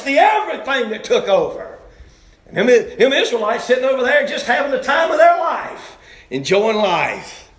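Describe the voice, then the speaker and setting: A man preaching a sermon, telling the story in a folksy way and swinging from shouting to hushed tones. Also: extremely high pitch, reverberant.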